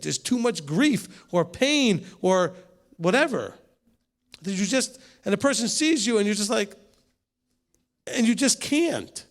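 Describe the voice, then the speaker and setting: His voice sits high and creaky as this rabbi guides a group through a conversational Bible lesson. He addresses the room directly, asks rhetorical questions and teases his listeners along the way.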